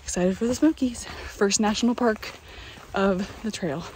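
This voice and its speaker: A woman's voice: medium pitch, moderate pace, darkish tone, slight background noise, poor audio. A woman from North Carolina talking to her phone outdoors on a mountain trail, chatty and upbeat. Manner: chatty, upbeat, loose and rambling. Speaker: vlogger. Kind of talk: casual on-the-go vlog talk. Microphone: handheld phone.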